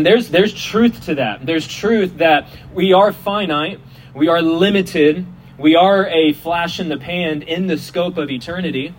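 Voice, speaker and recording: Male preacher, slightly high voice, loose joking outdoor sermon, faint hum and vehicles behind. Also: poor audio. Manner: casual and joking, repeats and restarts words. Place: outdoors at a festival.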